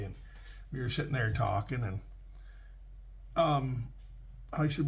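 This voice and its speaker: Middle-aged trucker, folksy storyteller, mid-pitched, restarts a lot. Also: male voice, lively intonation, measured pace, vocal fry, long pauses. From Canada. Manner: folksy, plainspoken, with frequent restarts. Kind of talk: casual spoken storytelling.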